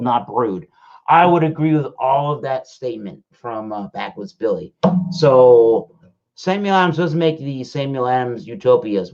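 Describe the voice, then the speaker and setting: The host of a casual beer review livestream, a man with a medium-pitched, slightly mellow voice, calls out to a guest whose audio has dropped, repeating the guest's name to check the line. The stream audio is dull and lo-fi.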